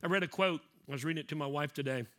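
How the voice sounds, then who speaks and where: Bright-voiced man preaching. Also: on the high side, very fast. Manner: conversational preaching, acts out little scenes; repeats key lines for emphasis. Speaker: pastor. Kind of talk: sermon.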